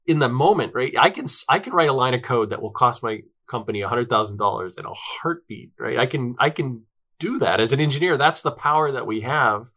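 A man speaks as a guest in an interview, his voice bright and forward in a middle register. He talks loosely and conversationally, checking in with listeners as he goes and filling pauses with small hesitations. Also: medium pitch, expressive. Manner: chatty, peppers sentences with "right?" and fillers. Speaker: guest, tech company representative.

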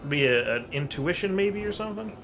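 A man's voice: brisk, soft background music. A man playing a tabletop game, chatting casually about his character. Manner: casual, chatty, with lively pitch. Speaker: player.

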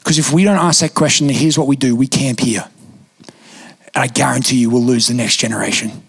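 A young man preaching a sermon in a church, telling stories in a lively, conversational way with casual fillers. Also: mid-range voice, a little fast, breathy edge. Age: young adult. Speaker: pastor. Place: church auditorium.

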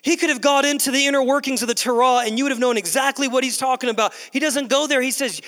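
A man's voice: very high voice, a little fast, few pauses, a bit bright. A man preaching a sermon in a large church hall, emphatic and repetitive, calling the crowd "guys". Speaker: pastor. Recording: long echo of a large hall.

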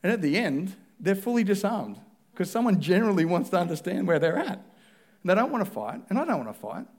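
A man's voice: high-pitched, very animated, brisk, darkish tone. A man preaching a sermon in a conversational way, acting out both sides of the dialogues he describes.

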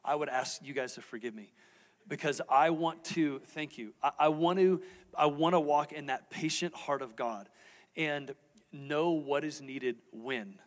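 A man's voice: a little high, measured pace. A middle-aged man, a lead pastor, preaching a sermon from a church stage in a candid, conversational way, asking the audience questions. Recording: reverberant church hall.

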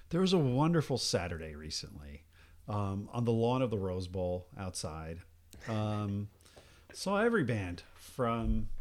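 A young adult man co-hosting a podcast, chatting in a laid-back way and trading jokes. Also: on the low side. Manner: unhurried, laid-back joking. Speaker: podcast co-host. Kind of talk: casual chat.

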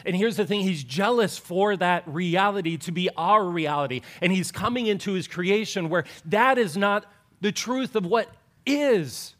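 A man preaching a sermon earnestly, often repeating words and sinking low and soft on key words, with playful asides. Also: moderate pace. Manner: playful asides with joking voices.

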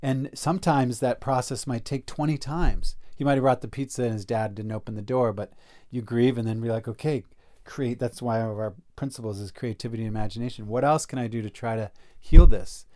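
A man's voice: medium pitch, a little fast. A man talking reflectively about risk and grief, telling a story and voicing the people in it. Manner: animated, acts out quoted people in the stories. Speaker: speaker on personal growth. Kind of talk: reflective casual talk, storytelling.

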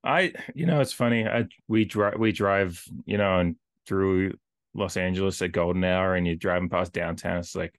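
A man co-hosting a casual film podcast, rambling and animated, full of filler words as he retells scenes. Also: low-pitched, normal speed, no echo, clean studio sound. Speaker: podcast co-host.

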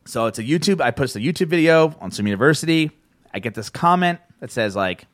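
A male podcast host who tells stories in a lively, swinging voice, his pitch sitting a bit high for a man and jumping around as he gets worked up. He laughs and swears freely, and the sound is close and dry with no room in it. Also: brisk, no echo. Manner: animated storyteller, swears freely, laughs often. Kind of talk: casual chat.

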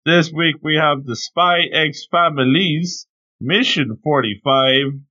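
A man co-hosting a casual podcast, tossing out quick playful quips and reactions. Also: fairly high pitch, bright, forceful tone, muffled recording. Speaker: podcast co-host.

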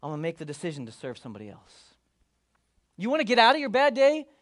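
A man with a high, light voice delivering a sermon with lots of energy. He jokes with the listeners and acts out the people in the story as he goes. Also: quick pace. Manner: animated, playful asides, acts out voices of the disciples. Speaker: pastor.

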